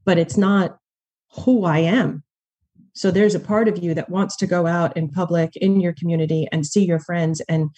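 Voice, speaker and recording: A woman guest on a podcast speaks in a heartfelt, animated way. Her voice is husky and lower than most. The tone stays mellow and dark. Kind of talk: conversational interview.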